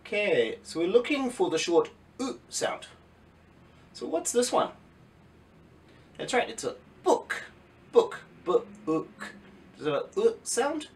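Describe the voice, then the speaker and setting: In a high, sing-song voice, a man leads a phonics lesson for children, sounding out letters slowly and clearly while asking questions and answering them himself.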